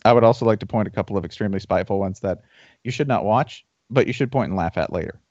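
A man's voice: lowish voice, quick pace, darkish tone, no room sound. A man co-hosting a casual sports podcast, joking and talking emphatically. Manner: jokey, emphatic. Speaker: podcast co-host. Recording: slightly dull lo-fi mic.

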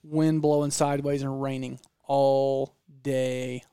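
A Southern American man with a gravelly edge to his voice, rambling through a story on a close, dry studio mic. He talks in bursts, restarting sentences and getting animated as he goes. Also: medium pitch, slow, dry recording. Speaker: podcast guest storyteller. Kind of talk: casual storytelling chat.

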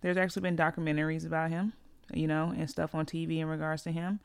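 A woman's voice: deep voice, little pitch movement, quick pace, clean tone, no room sound, clean studio sound. A woman hosting a podcast, giving a blunt, profane and heated opinion monologue in a casual way. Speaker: podcast host.

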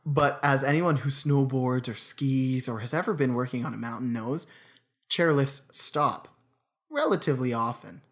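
A man's voice: medium pitch, normal speed. A man co-hosting a casual comedy podcast, telling stories with a playful manner and slipping into put-on accents. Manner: storytelling, playful, puts on accents. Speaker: podcast co-host.

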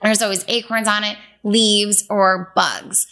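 A woman's voice: medium pitch, steady tone, unhurried, pushed and bright. A young woman co-hosting a podcast, telling a story in casual chat and acting out her own panic as she goes. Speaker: podcast co-host.

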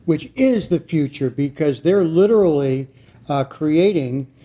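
A man's voice: on the high side, animated, unhurried, dark tone. A man hosting a political talk show, steadily and wryly introducing news items. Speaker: host.

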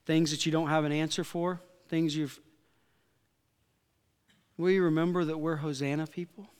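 In a long-echoing church, a pastor speaks in a smooth, deliberate, slightly higher male voice. His preaching is lively storytelling, with quotes performed in character and shouts at the climaxes.

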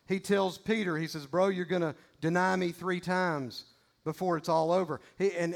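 A man with a fairly high voice delivers a sermon in an earnest, conversational way. He reads scripture aloud and breaks off for casual asides to the congregation. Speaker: pastor.

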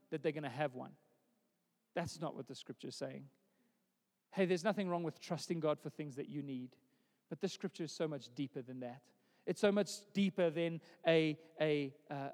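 Pastor, high voice, chatty sermon, lots of hall echo. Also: male voice, a little mellow. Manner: conversational, repeats words while building a point.

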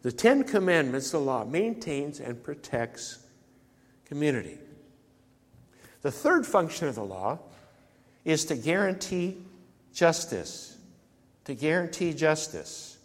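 A man's voice: a little high, sing-song, slow, long pauses. A man delivering a sermon as a pastor, talking conversationally and putting rhetorical questions to the congregation. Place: church. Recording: church sanctuary with long reverb.

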